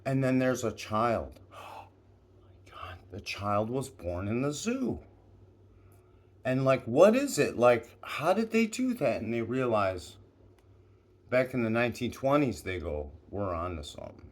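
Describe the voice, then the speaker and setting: Guy rambling thru a made-up story, slow, lots of asides, pitch all over. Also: big pitch swings. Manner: meandering, full of restarts and asides.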